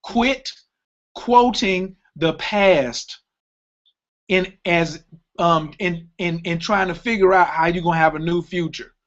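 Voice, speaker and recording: A man's voice: sits high, slow, dull audio. A man hosting a talk radio show, talking emphatically and cutting in with repeated interjections.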